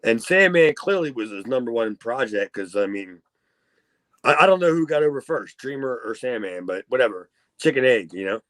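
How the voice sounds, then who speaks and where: A man's voice: medium pitch, lively intonation, normal speed, a bit bright, dry recording. A man co-hosting a podcast, talking casually in a rambling way, laughing often and swearing. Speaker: podcast co-host. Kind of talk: casual chat.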